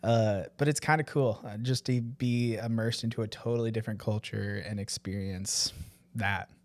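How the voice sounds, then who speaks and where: A man's voice: on the low side, moderate pace, no room sound. American man telling a story, dry sound. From United States. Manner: relaxed storytelling, many fillers. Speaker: church mission trip guest. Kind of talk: casual conversation.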